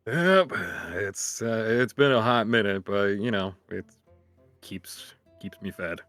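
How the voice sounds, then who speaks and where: A man plays an easygoing one-eyed mercenary in a tabletop game, speaking low in a dry, unhurried way. The voice sounds close and dead, with faint music behind. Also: lively intonation, a bit bright, no room sound. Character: laid-back one-eyed male mercenary.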